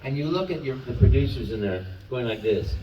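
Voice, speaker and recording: Expressive older man in an echoey hall. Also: medium pitch, fairly quick, muffled recording. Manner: expressive, encouraging, rambling with restarts. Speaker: guest voice actor on a convention panel. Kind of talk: panel Q&A answers. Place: large convention hall. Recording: echoey hall, voice from far off, faint noise.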